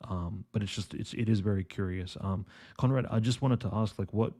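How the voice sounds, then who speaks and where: A man's voice: lowish voice, fairly quick, dark tone. A man co-hosting a casual online political discussion, talking in a hesitant way with many restarts and fillers. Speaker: co-host.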